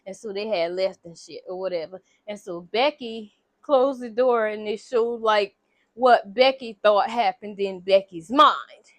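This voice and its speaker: A woman vlogger casually recapping a movie, animated, chatty and profane. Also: mid-range voice, dry recording.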